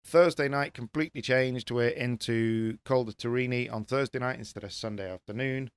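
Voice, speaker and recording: A man chatting as a rally pundit on a panel, lively, with many restarts. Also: medium pitch, moderate pace, smooth, no echo. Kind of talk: casual panel chat.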